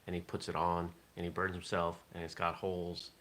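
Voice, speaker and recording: A man's voice: sits low, monotone, fairly quick, fairly bright tone. A man hosting a casual morning vlog, rambling and thinking aloud with fillers. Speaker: vlog host.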